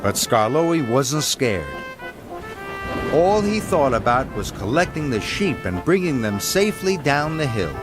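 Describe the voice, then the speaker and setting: A man narrating a children's storybook in an expressive read-aloud manner. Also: medium pitch, a little slow. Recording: narration over background music.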